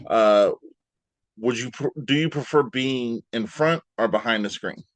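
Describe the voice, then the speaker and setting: A woman's voice: a bass voice, unhurried, dry recording. A woman hosting an interview, asking casual questions with hesitant "uh" starts and laughing along with her guest. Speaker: interview host.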